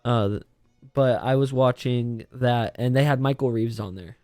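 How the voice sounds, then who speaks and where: Young male podcast guest, relaxed and rambling, dry close mic. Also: mid-range voice, normal speed, no echo, soft background music. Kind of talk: casual chat.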